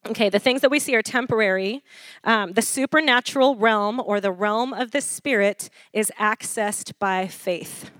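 A woman preacher delivering a lively sermon, laughing often and calling for responses from the congregation. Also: medium pitch, moderate pace, dry recording.

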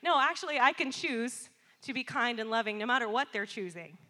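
A woman in her thirties preaching a sermon, telling a personal story with animated, acted-out moments and quiet, earnest asides. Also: on the high side, a little fast. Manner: animated storytelling, acts out shouting and quiet apologies. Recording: long hall reverb.

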